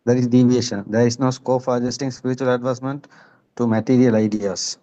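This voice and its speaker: A man's voice: mid-range voice, little pitch movement, fast talker, mellow, dull audio. A man in a Q&A session, deferential with short replies, reading a passage aloud when asked.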